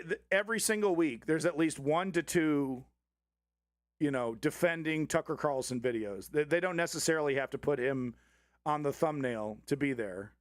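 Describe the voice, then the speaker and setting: Man, sarcastic profane rant, fairly high voice, dry close sound. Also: dry recording. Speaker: host. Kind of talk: live news commentary stream.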